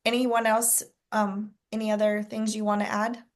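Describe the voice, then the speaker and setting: A woman's voice: mid-range voice, flat delivery, normal speed. Woman coaching her team on a video call. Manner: encouraging, frequent fillers, clears throat often.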